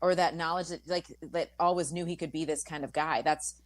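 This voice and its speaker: A woman co-hosting sports talk radio, effusive and excited, restarting her sentences as she raves. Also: deep voice, fairly quick, no room sound. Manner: effusive, gushing, trailing restarts. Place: radio studio.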